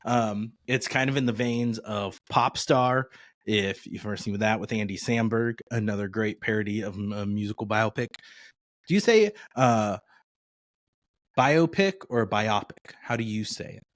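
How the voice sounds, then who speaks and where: A man co-hosting a podcast in casual chat, relaxed and rambling, with frequent "uh" and "um". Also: fairly low pitch, moderate pace, dry recording. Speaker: podcast co-host.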